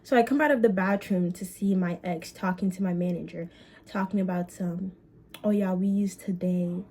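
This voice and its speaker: A young woman vlogger telling a story in casual chat, animated and swearing, with quick bursts and drawn-out words. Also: lowish voice.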